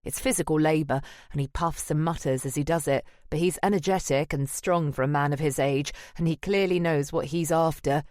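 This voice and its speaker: A woman's voice: low voice, fairly quick, hardly any pauses, darkish tone, no echo. A woman narrating a first-person audiobook in a wry, dry manner. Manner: wry and dry, present-tense telling.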